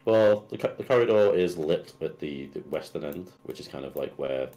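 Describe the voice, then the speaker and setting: Game master, very deep male voice, loose rambling narration, brief. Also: expressive, normal speed, mellow. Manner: loose, filler-heavy narration.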